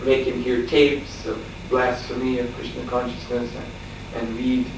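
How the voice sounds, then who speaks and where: A man's voice: mid-range voice, completely flat delivery, unhurried, creaky. Echoey male monk telling a story. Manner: storytelling with chuckles and frequent fillers. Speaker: monk lecturer. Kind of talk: anecdotal scripture class. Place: lecture room at a farmstead. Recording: echoey room, distant mic, faint hiss.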